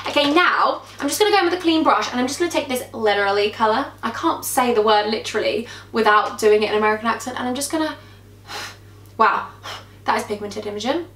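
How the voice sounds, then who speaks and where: Chatty young woman vlogging makeup. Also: high-pitched. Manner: gossipy, animated storytelling while applying makeup. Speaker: beauty vlogger. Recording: echoey room.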